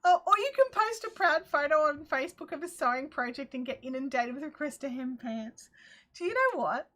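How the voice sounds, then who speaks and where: A woman with an Australian accent hosting a live craft chat, chatty and quick to laugh as she answers viewer comments. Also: high voice, animated, a bit bright. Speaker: host.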